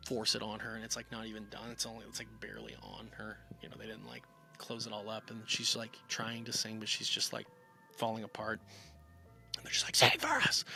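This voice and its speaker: A man with a fairly low, pushed, bright voice casually recaps a film's plot for a review podcast. He rambles with plenty of fillers and acts out the characters' lines.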